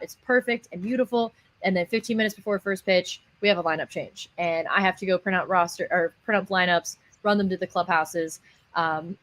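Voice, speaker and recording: A woman's voice: mid-range voice, a bit bright, dry recording. A woman who works as a baseball broadcaster, answering questions in a thoughtful, upbeat, conversational way. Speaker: minor league baseball broadcaster. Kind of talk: radio interview guest.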